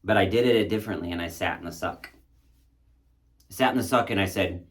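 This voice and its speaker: A man's voice: low-pitched, fairly quick, long pauses. A man casually telling a candid, reflective personal story and acting out his own past thoughts. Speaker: spiritual content creator.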